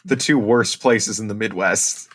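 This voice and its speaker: A man's voice: lowish voice, a little slow. A man from Ohio co-hosting a casual podcast, reading out notes and teasing his co-host with mock indignation.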